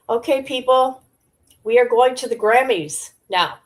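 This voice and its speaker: A woman's voice: a little high, a little slow. A woman hosting a livestream, chatting casually and talking straight to her viewers about celebrity gossip. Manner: chatty, addresses viewers directly. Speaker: livestream host.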